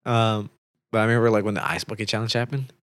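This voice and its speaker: Young dude podcast cohost, rambly casual chat, lots of like and um, cussing. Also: male voice, fairly low pitch, little pitch movement, fast, a bit bright, dry recording, clean studio sound. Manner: rambling, heavy on fillers and swearing. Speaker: podcast co-host.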